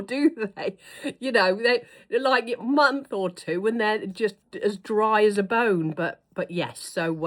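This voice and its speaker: A woman's voice: medium pitch, fairly bright tone. A middle-aged woman, chatting to camera in an effusive way as a vlogger. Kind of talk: casual chat to camera.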